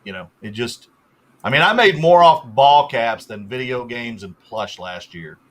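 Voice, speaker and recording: A man's voice: medium pitch, animated, measured pace. A man in his sixties, a guest on a reselling livestream, who chats casually and explains at length, trailing off as he goes.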